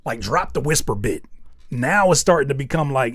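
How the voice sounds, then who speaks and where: A man hosting a livestream where he reviews submitted music, giving blunt, slangy, joking feedback and often jumping up to loud excited shouts. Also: mid-range voice, normal speed, slightly rough, dry recording, clean studio sound. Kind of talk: casual livestream commentary.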